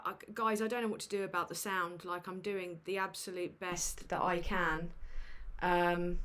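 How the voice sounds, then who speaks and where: A woman's voice: lowish voice, a bit bright. A woman hosting a casual livestream from a home setup on a desk microphone. She talks in a flustered, self-mocking way, with many fillers and casual swearing. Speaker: livestream host. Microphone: USB desk microphone.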